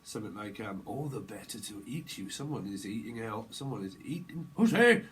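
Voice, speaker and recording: A man's voice: on the low side, fairly quick, rough recording. A man giving a casual, rambling tarot reading, laughing often and using slang. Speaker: tarot reader.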